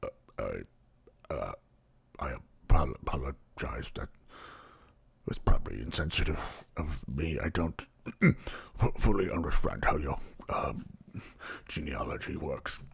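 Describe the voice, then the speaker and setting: A man's voice: rumbling low, expressive, unhurried, creaky, slightly rough, voice pushed down, exaggerated voice. A man voicing a nervous, stammering male innkeeper in a tabletop role-play, apologetic and fumbling. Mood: flustered.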